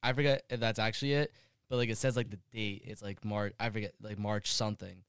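Low-voiced hesitant man on a podcast. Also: flat delivery, fast talker, smooth, dry recording, clean studio sound. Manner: hesitant, lots of "like" fillers. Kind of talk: casual podcast chat.

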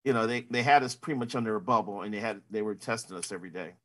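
A man's voice: on the low side, very fast, a bit bright. A man in his fifties, a sportswriter, answering interview questions in a casual, rambling way full of "you know" fillers.

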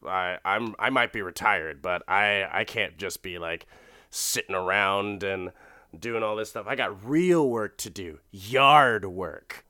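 Casting: man playing a gruff newly retired grump, bright crisp voice, defensive grumbling. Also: fairly low pitch, slow pace, dry recording, studio quality.

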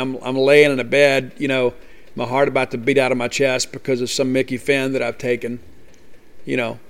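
A man hosting a podcast, talking earnestly and conversationally about his recovery with frequent fillers. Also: mid-range voice. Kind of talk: personal recovery talk.

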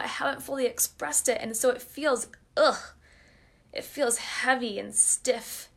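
A woman's voice: a little high, gravelly, a bit bright. A young adult woman hosting a solo podcast, speaking openly and earnestly and encouraging her listeners. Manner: earnest, open and encouraging, addresses listeners directly. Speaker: podcast host and wellness coach. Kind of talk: heartfelt solo podcast talk.

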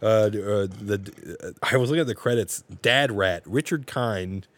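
A man's voice: on the low side, moderate pace, no room sound. A man co-hosting a casual podcast chat, laughing often, swearing freely and slipping into silly voices. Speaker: podcast co-host.

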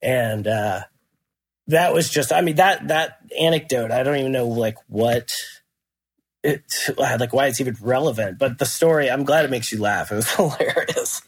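Male guest, mid pitch, loose rambling storyteller, laughs a lot, casual cursing. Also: moderate pace, breathy edge, dry recording. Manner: rambling, laughs while telling anecdotes, swears. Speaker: guest musician. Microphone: remote call.

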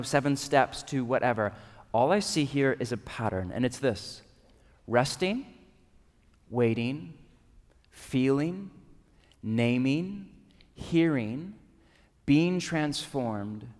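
Conversational preacher in a big hall. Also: male voice, medium pitch. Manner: conversational, asks rhetorical questions. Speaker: pastor. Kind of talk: sermon. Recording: long reverb of a large hall.

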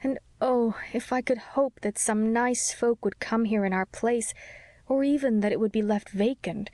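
A heartbroken young wife speaks tearfully about leaving a beloved home, voiced by a woman reading the story. Her voice is wistful and soft, recorded dry and close. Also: mid-range voice, no echo, close to an everyday voice.

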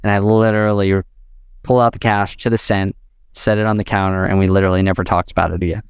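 A young adult man telling a long personal story as a podcast guest, animated and quick, peppered with "like" and "literally". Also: sits low, clean tone, no echo, studio quality. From United States. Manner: animated, fast-talking, heavy use of "like" and "literally".

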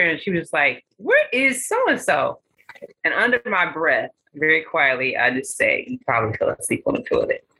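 Bright, husky-voiced woman telling stories. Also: sits low, rough recording. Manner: animated storyteller, acts out voices in her stories. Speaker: guest. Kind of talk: casual podcast chat, storytelling.

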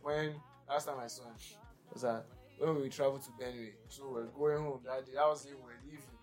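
A young Nigerian man co-hosting a podcast in casual chat, animated, often laughing and mixing in pidgin. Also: medium pitch, a little fast, faint music behind. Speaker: podcast co-host.

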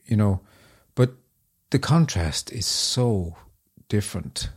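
A man's voice: on the low side, lively intonation, slow, breathy edge. A man interviewing a guest, asking questions in a hesitant way, repeating words while he searches for them. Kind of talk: casual conversational questions.

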